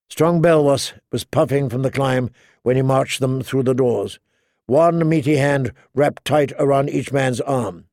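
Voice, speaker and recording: A man narrating a fantasy novel as an audiobook, with measured, even storytelling. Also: mid-range voice, no room sound, studio quality. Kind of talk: scripted narration.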